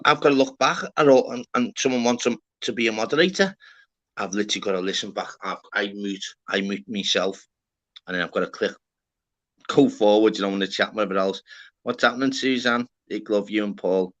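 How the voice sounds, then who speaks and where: A man's voice: fairly low pitch, lo-fi sound. Swearing Liverpool man streaming. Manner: loud, swearing banter. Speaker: livestream host. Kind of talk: casual livestream chat.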